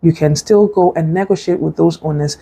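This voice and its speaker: A woman's voice: deep voice, brisk, gravelly, warm tone, slightly rough. A woman, a property advisor telling a story and giving earnest, instructive advice. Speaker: real estate advisor. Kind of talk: advice talk to camera.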